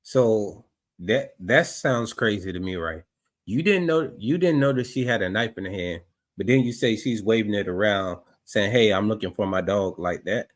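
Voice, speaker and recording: A man's voice: on the low side, expressive, normal speed. A man commenting on footage, doubtful and repeating himself as he questions a story. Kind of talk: skeptical commentary.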